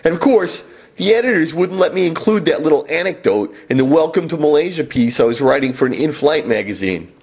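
A man telling a comic personal travel story with wry, deadpan self-mockery. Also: a little high, fairly quick, husky.

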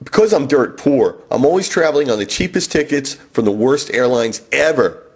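A man telling a comic personal travel story with wry, deadpan self-mockery. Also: mid-range voice, normal speed, slightly rough.

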